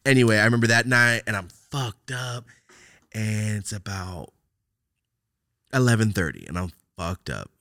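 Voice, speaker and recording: A young man hosting a podcast, telling a long story in casual, profane chat and jumping into loud quoted outbursts. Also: fairly low pitch, lively intonation, normal speed, long pauses, no echo, studio quality. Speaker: podcast host.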